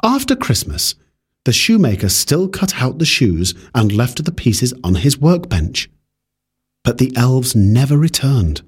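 A man reading a fairy tale aloud in a calm, measured way. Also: medium pitch, husky. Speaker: storyteller.

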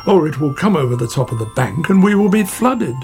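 A man's voice: on the high side, big pitch swings, fairly quick, creaky, a little mellow, soft background music. A man doing a chatty friendly otter.

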